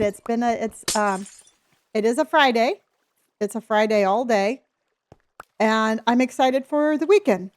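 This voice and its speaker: A woman's voice: on the high side, unhurried, pauses often. An older woman streaming a building game, chatting with her viewers and thinking aloud as she works. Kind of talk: casual live-stream chat while building.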